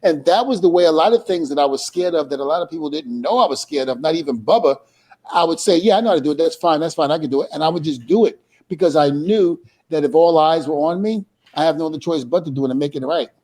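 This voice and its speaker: A man's voice: a little high, fast talker, darkish tone. A man telling a story as a podcast guest, laughing often and acting out the dialogue. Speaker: guest wrestler. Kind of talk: animated storytelling.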